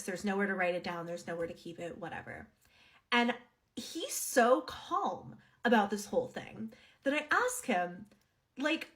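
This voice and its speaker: A woman's voice: mid-range voice, fairly bright tone. Chatty woman telling a dream storytime. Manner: chatty and candid, swears, acts out quoted dialogue. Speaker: TikTok storyteller. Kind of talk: casual storytime to camera.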